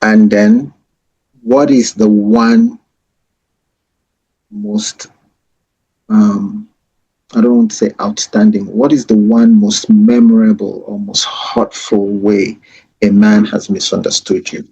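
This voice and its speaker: Slow, gravelly man hosting on a dull mic. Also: lowish voice, warm tone. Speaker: pastor and podcast host. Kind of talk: interviewing a guest. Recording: dull, lo-fi sound.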